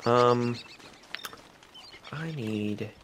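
A man's voice: medium pitch, very slow, a bit bright, a little hiss or hum, poor audio. A man co-hosting a let's play, chatting casually and trailing off as he searches for words. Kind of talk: casual gaming chat.

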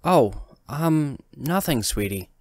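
A man voicing an anxious, loving mother who speaks softly, tenderly and hesitantly. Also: mid-range voice, animated, measured pace, dry recording, studio quality, pitched above the performer's own voice, natural voice.

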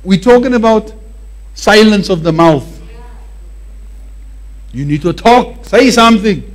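A male preacher with a high voice that swings widely from phrase to phrase. He delivers a sermon emphatically and repeats words for effect. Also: lively intonation, unhurried.

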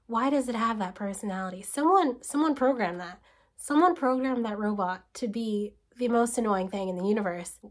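A woman with a fairly high voice riffs to camera in a casual, sarcastic rant. She asks rhetorical question after rhetorical question and sometimes sinks into an exasperated whisper. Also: expressive, normal speed. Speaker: video essayist host. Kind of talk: casual spoken commentary.

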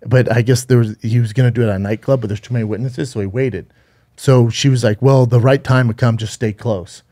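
Mellow man telling a story casually. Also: mid-range voice, steady tone, a little fast. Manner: rambling, profane, with frequent restarts. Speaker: podcast co-host.

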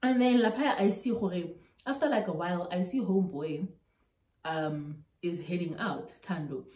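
A young South African woman with a South African accent tells a storytime vlog in animated style, mixing local-language words into her English. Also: lowish voice, moderate pace. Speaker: YouTuber. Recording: roomy echo.

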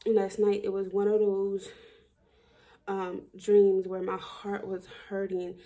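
Female vlogger, husky voice, mid pitch, thinks aloud in a rambling daily diary. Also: monotone, slow pace, warm tone. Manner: reflective, rambling, with many fillers and restarts. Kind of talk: personal daily video diary.

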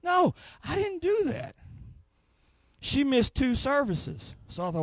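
Animated, folksy male preacher. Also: extremely high pitch, takes it slowly, no room sound. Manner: animated, folksy storytelling with acted voices. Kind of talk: Pentecostal revival sermon.

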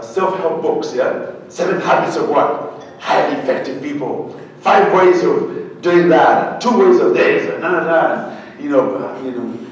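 A man from Uganda telling a humorous, animated story to an audience, often asking them questions. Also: a little high, slight background noise. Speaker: speaker. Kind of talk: storytelling keynote talk. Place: large hall with an audience. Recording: very echoey hall, heard from a distance.

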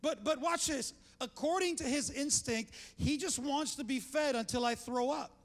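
An older pastor preaches a sermon in a church sanctuary, fervent and conversational, calling out to the congregation and often restarting sentences. His voice is very high at normal speed, with the long reverb of a large church hall.

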